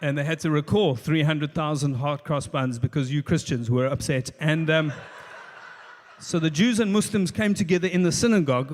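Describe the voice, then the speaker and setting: A South African man with a slightly raised pitch performs stand-up, stumbling through restarts and slipping in deadpan asides. His voice carries a long reverb from a live venue. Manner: rambling storytelling with many restarts and dry asides. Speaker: stand-up comedian. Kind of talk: stand-up comedy routine. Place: stage of a live show venue.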